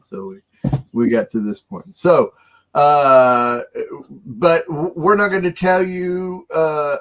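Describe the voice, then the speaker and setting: A middle-aged man co-hosting a casual chat show, talking in a halting way with many fillers and chuckles. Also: mid-range voice, a bit bright. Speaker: co-host.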